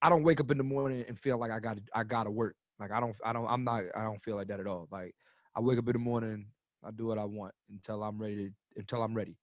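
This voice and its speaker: A man in his thirties, a comedian guest telling stories on a podcast in a casual, animated way, swearing freely and getting loud as he goes. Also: fairly low pitch, quick pace, dry recording. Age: 30s.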